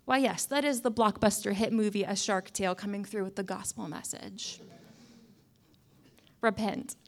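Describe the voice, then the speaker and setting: A young adult woman preaching a conversational sermon in a wry, self-mocking way, often dropping to soft asides. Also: medium pitch, fairly even intonation, moderate pace.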